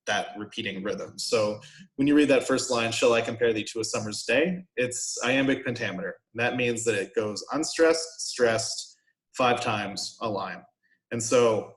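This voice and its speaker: A man teaching a college poetry class in an informal recorded lecture, explaining patiently with frequent "um"s and "right?" asides. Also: lowish voice. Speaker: college instructor.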